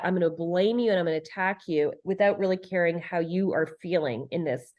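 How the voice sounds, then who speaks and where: The recording is lo-fi, and the middle-aged woman's voice is fairly low and darkish, going fairly quickly. A leadership and relationship expert on a conversational podcast, she speaks earnestly and emphatically, repeating phrases to stress them and acting out quoted lines.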